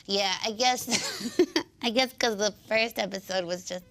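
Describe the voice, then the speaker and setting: Woman, unusual voice, gravelly fry, chatty interview guest, halting fillers. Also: mid-range voice, a bit bright. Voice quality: unique speaking voice. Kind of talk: casual interview chat.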